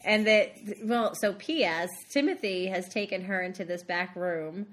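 A woman's voice: mid-range voice, moderate pace, fairly bright tone. Chatty woman retelling a plot. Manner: chatty storyteller, many fillers and agreeing noises. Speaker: podcast co-host. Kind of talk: casual chat recapping a movie.

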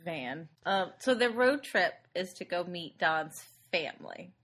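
Woman, bright clear tone, casual podcast chat, laughs a lot. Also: fairly low pitch, a little slow. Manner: animated, laughs often while recapping. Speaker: podcast co-host. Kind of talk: casual chat about a movie.

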